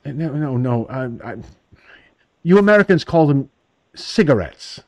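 A man's voice: on the high side, lively intonation, a little slow, no echo. A man imitating a courteous, apologetic male British police officer with a put-on British accent. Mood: polite.

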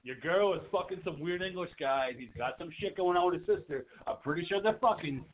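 A man's voice: on the high side, brisk. A man co-hosting a horror podcast, chatting crudely and jokingly about a film and acting out bits of the characters. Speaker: podcast co-host. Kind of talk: casual film discussion. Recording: tinny phone-like sound with faint noise.

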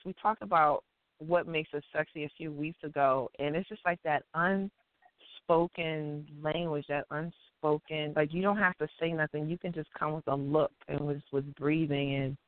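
A woman's voice: low voice, clear, resonant tone, no echo. Giggly woman host on a tinny phone line. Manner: giggly and playful, many fillers. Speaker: radio talk show host. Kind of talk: casual call-in show chat. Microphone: phone call.

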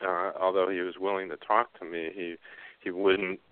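A male author being interviewed, speaking haltingly with many fillers and restarts. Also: deep voice, level tone, a little hiss or hum. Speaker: author guest. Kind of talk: casual interview talk. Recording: phone line.

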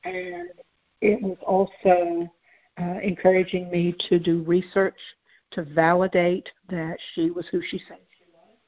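A woman with a somewhat low voice hosts a spiritual talk show, speaking in a conversational way full of small fillers and restarts. The recording is dry and slightly muffled, like a lo-fi podcast. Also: a little slow, dry recording. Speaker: host.

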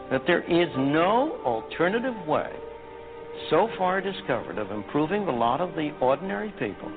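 Older male economist on a debate show, high lively gravelly voice, argumentative, heard through a tinny old broadcast with music. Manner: argumentative, fires rhetorical questions. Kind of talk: televised talk show debate. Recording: tinny archival TV clip with music underneath.

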